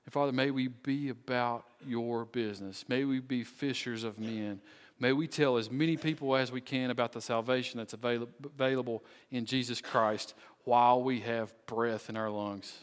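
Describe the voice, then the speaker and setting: Closing a sermon and leading a prayer, a pastor speaks in an earnest, pleading way with slow, deliberate phrasing. His mid-range voice stays steady in tone and rings with the long reverb of a church sanctuary.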